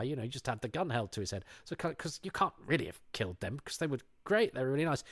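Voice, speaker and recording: A man's voice: on the low side, no echo, studio quality. A man chatting casually as a podcast guest, rambling and restarting his sentences often. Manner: rambling, self-interrupting, frequent restarts. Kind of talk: casual chat.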